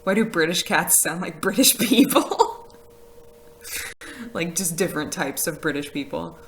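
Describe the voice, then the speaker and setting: A woman's voice: lowish voice, lively intonation, unhurried, slight background noise, low-quality recording. A woman chatting casually on a live stream, rambling with fillers and laughs as she reads messages from chat. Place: house with a conservatory.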